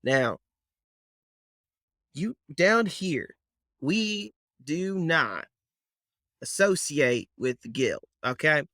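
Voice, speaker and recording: A man's voice: a little high, sing-song, very slow, long pauses, pushed and bright, no echo, studio quality, heavily acted. A man voicing a bearded male gnome druid who talks in a folksy drawl and grumbles about mages, in a tabletop role-play. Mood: folksy grumbling.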